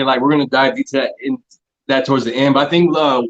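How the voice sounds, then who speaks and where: A man hosting a casual podcast chat, asking questions hesitantly with many pauses and ums. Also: medium pitch, steady tone, fairly bright tone. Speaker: host. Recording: dull lo-fi audio.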